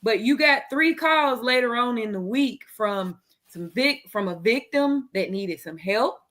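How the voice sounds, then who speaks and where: A woman's voice: a little high, expressive, a little slow, a bit bright. A woman speaking earnestly on a radio talk panel, rambling with many fillers as she explains her views. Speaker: panelist, runs a charity dress program.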